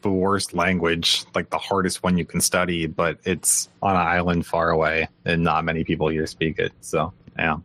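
A man's voice: low voice, level tone, moderate pace, hardly any pauses, fairly bright tone. A man co-hosting a business podcast, dropping in short, dry interjections. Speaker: agency co-host. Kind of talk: casual podcast chat.

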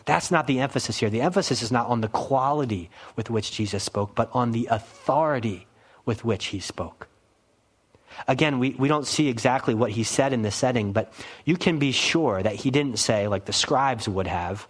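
A man's voice: medium pitch, normal speed, husky. Male pastor preaching in church; earnest, emphatic teaching delivery with questions to his listeners. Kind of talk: expository sermon.

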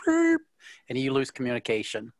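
A man's voice: medium pitch, wildly swooping pitch, normal speed, dry recording. A man running a tabletop role-play as game master, hesitant with many fillers.

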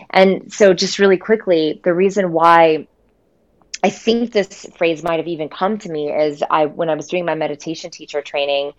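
In a reflective podcast interview, a woman author speaks earnestly as a guest, sprinkling in lots of "you know" and "um." Her voice is low-pitched and the audio sounds dull.

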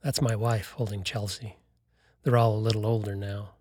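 A man voicing a weary older man who speaks low and slow about past sins. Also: little pitch movement, darkish tone, no echo, clean studio sound, natural voice. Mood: rueful.

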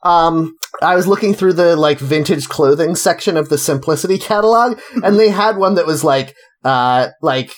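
A woman's voice: deep voice, moderate pace, few pauses. A woman co-hosting a podcast, talking casually and rambling with lots of fillers. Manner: chatty, rambling, playfully bossy. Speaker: podcast co-host. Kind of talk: casual chat.

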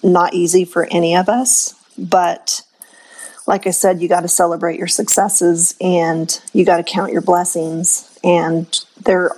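A woman's voice: on the low side, level tone, measured pace, a little mellow, rough recording. A woman in her thirties, co-hosting a radio show, talking in an earnest and encouraging way. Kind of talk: casual chat.

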